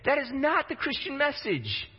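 A man with a high voice preaches a sermon in a relaxed, talky way and slips into casual voices for quotes. His voice rings in a long hall echo, and the recording sounds dull and lo-fi. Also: moderate pace.

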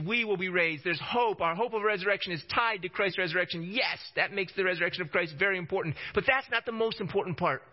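A man preaching a sermon with emphasis, often repeating phrases to drive his points home. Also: high-pitched. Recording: dull lo-fi recording.

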